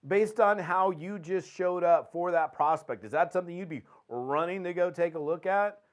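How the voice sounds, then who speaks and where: A man hosting a podcast, giving an energetic motivational training talk and acting out quick phone calls. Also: high-pitched. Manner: animated, acts out phone calls with quick dialogue. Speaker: podcast host and network marketing trainer.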